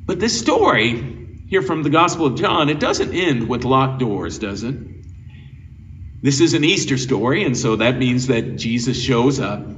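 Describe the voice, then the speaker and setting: A man's voice: mid-range voice, very animated, measured pace, a bit bright. A man preaching an earnest, conversational sermon as a pastor, often restarting his sentences. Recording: dull, lo-fi sound from a distant mic with faint noise.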